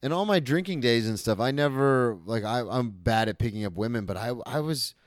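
A man's voice: medium pitch, animated, fairly quick, no echo, studio quality. A man hosting a podcast asks teasing questions and jokes with his guest. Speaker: podcast host. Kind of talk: casual chat.

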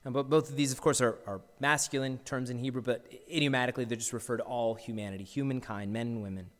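A man's voice: medium pitch, steady tone, quick pace. Earnest man preaching in a reverberant hall. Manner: earnest preaching with rhetorical questions. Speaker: pastor. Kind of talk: sermon.

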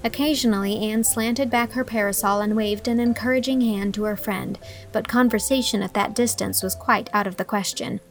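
A woman narrating a classic storybook with a gentle, even reading manner. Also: on the high side, normal speed, faint music behind. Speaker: audiobook reader.

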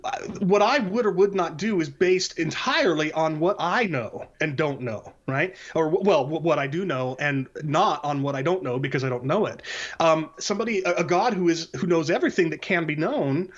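A man with a somewhat high voice reasons aloud through rhetorical questions in a casual discussion. His audio sounds muffled and lo-fi. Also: expressive, moderate pace. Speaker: co-host.

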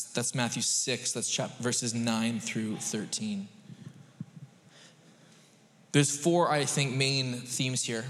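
A man preaching a sermon as a pastor, conversational and animated, rising to emphatic peaks. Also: mid-range voice. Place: church sanctuary. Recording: long reverb of a large hall.

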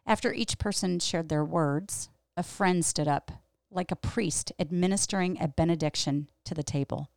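Middle-aged woman host telling her own story, low gravelly voice, earnest and candid, dry close sound. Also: normal speed, a little mellow, no echo. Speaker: podcast host and Bible teacher. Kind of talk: personal storytelling monologue.

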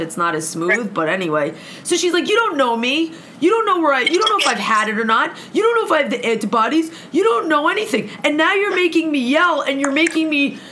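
High, bright-voiced woman ranting profanely. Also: slight background noise. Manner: profane, animated, acts out both sides of an argument. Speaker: guest telling a story. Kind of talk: heated storytelling in casual chat.

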